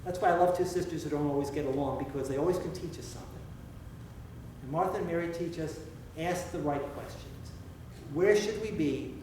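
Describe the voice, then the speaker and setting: A male pastor giving a conversational sermon, asking the congregation questions and slowing down for emphasis. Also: a little high, fairly even intonation, noisy background. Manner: conversational preaching, slows for emphasis, asks questions. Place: church sanctuary. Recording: echoey church heard from a distance.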